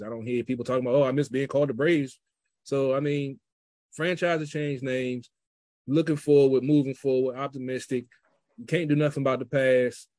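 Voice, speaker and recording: A man's voice: medium pitch, darkish tone, no room sound. Earnest male guest, reflective casual talk, dry close recording. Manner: reflective, earnest, loose phrasing. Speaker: podcast guest. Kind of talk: casual chat.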